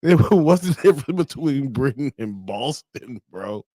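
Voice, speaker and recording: A man's voice: medium pitch, expressive, measured pace, dark tone, no echo. A man hosting a casual show, reading memes aloud with profane, laughing amusement. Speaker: host.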